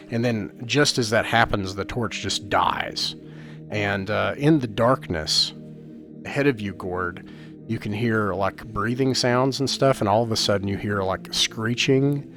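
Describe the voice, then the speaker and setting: Casting: low, gravelly man as a laid-back game master, with music playing underneath. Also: a bit bright. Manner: casual, halting, many fillers. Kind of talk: narrating a tabletop game online. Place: home setup on an online call.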